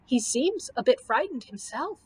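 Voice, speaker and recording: A woman voicing a plucky, quick-witted young girl with a bright, lively delivery in a storybook reading. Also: sits high, slight background noise.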